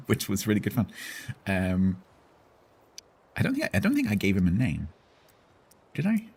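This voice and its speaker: A man chats loosely with his stream audience, often restarting his sentences and chuckling. His voice sits very low and has a husky edge. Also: wildly swooping pitch, normal speed, a little mellow. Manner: rambling, self-interrupting, chuckles often. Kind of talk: casual chat with viewers.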